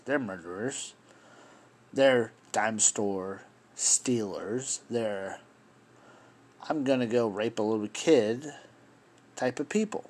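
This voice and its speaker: A man's voice: fairly low pitch, a little mellow. A man hosting a solo podcast, talking in an impassioned, rambling way, swearing and addressing his listeners as folks. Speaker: podcast host. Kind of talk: solo political podcast rant.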